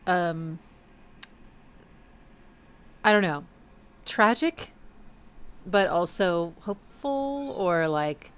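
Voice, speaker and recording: A woman's voice: lowish voice, fairly bright tone, smooth. A woman hosting a music listening stream, musing casually about songs with many fillers. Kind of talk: casual reaction commentary.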